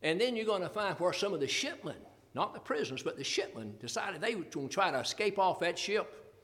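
Male preacher, high voice, emphatic sermon, rhetorical questions, long hall reverb. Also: big pitch swings, fairly quick, a bit bright.

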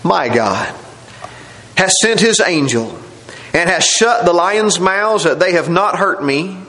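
A preacher voicing a calm, low-spoken prophet. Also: male voice, slow, soft background music, full character voice. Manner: calm, quiet. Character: calm faithful young prophet, man.

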